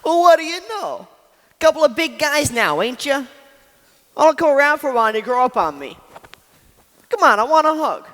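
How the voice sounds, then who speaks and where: A man's voice: extremely high pitch, big pitch swings, normal speed, long pauses, a bit bright, a little hiss or hum, exaggerated voice. A teenage boy acting in a school play as a bossy, tough middle-aged uncle with a street drawl. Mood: teasing. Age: teens. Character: tough, cocky middle-aged uncle, a small-time hood. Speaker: student actor. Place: school auditorium stage. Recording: echoey hall from a room mic.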